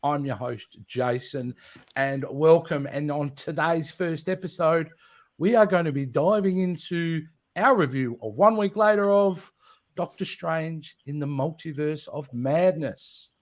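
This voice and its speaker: A man's voice: fairly high pitch, measured pace. Upbeat Australian man hosting. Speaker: host. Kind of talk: casual panel chat.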